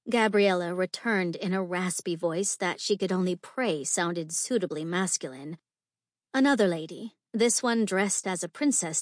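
A woman with a fairly low voice narrates a scripted audiobook in a measured, clear storytelling style. The recording is studio quality with no echo.

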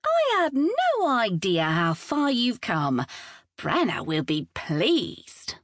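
A woman voicing an admiring woman friend who calls out in a bright, raised voice in an audiobook. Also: fairly high pitch, huge pitch swings, takes it slowly, no echo, clean studio sound, pitched above the performer's own voice, full character voice.

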